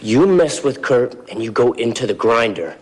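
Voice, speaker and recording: An actor playing a hot-tempered fast-food boss who barks orders as he fires a worker, in a comedy film. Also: mid-range voice, very animated, in a large hall, natural voice. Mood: angry. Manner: barking orders.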